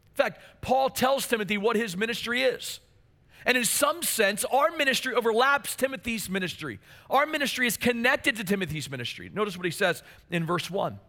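A man's voice: high voice, gravelly, pushed and bright. A man preaching a sermon as pastor, earnest and emphatic, repeating key phrases for weight.

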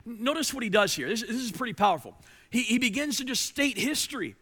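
A male pastor delivers a sermon in a high, bright voice. He preaches with emphasis, rising loud and dropping to a hush, repeating words when he presses a point. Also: animated, fast, slightly rough.

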